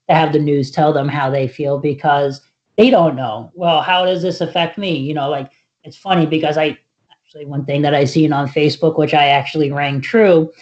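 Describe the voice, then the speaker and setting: Measured co-host on dull lo-fi audio. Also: medium pitch, darkish tone. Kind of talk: casual political chat.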